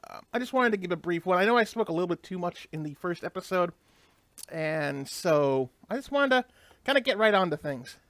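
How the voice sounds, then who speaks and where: A man's voice: high-pitched, lively intonation, a little fast, fairly bright tone, no room sound. A man hosting a let's play, giving casual, rambling gameplay commentary and explaining the lore as he goes. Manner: rambling, explanatory, many fillers and restarts.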